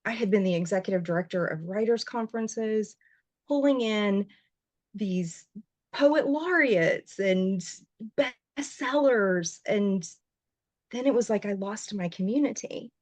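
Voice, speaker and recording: A woman, a writer and journalist, telling her story as a guest on a podcast interview, heartfelt and expressive, her voice leaping up when she gets emotional. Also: measured pace, dry recording. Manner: voice jumps high when emotional.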